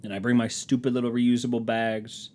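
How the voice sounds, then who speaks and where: A man's voice: mid-range voice, level tone, brisk, darkish tone. A man telling stories in a casual monologue, sardonic and profane, mimicking people in mocking voices.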